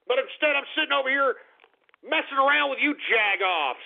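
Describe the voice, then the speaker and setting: A man's voice: very high voice, normal speed, creaky. A man hosting a call-in radio show, ranting profanely and sounding exasperated at his callers. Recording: tinny phone-like sound.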